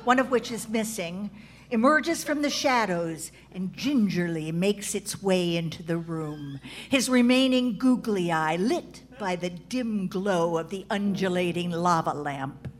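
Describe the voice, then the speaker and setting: A woman's voice: lowish voice, a little slow. A woman performer giving overwrought, mock-romantic storybook narration. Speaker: comedy performer.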